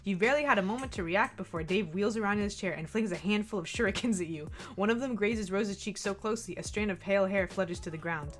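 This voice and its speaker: A woman's voice: medium pitch, fast, hardly any pauses. A woman streamer reading a visual novel aloud and chatting, laughing often and swearing freely. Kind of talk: live-stream game reading and chat.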